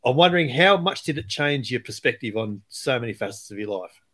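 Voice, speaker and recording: Podcast host man, mid-pitched and chatty. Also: lively intonation, fairly quick, a bit bright. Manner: brief encouraging interjections. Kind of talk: casual podcast chat.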